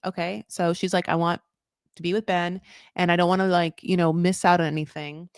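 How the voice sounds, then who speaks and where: A woman doing a casual live recap of a reality show, chatty and animated, swearing freely and filling her talk with "like" and "um". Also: on the low side, moderate pace, clean tone, no echo, studio quality. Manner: chatty, animated, swears, many likes and ums.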